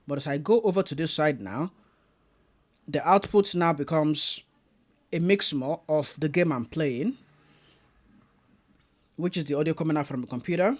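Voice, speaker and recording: A man giving a casual, chatty review of a streaming mixer, showing the features as he goes. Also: on the high side. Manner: chatty, demonstrating gear live. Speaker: tech reviewer.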